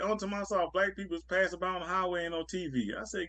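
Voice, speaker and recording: Male co-host, slightly high voice, earnest, repetitive casual talk. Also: a little fast, bright, forceful tone, no room sound. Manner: earnest, repetitive, laughs easily. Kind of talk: casual chat.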